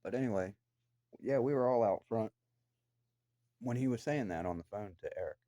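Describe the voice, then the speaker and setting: A man's voice: fairly low pitch, moderate pace, dark tone, no echo. A man delivering an angry, profane, accusatory rant to the camera from his own room downstairs in a house. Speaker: vlogger.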